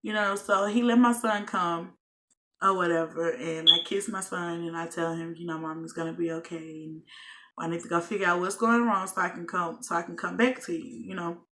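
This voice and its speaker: A young woman vlogger tells a personal story in a casual, animated way, acting out her own lines and what other people said. Her voice is lowish with a moderate pace and a little hiss or hum.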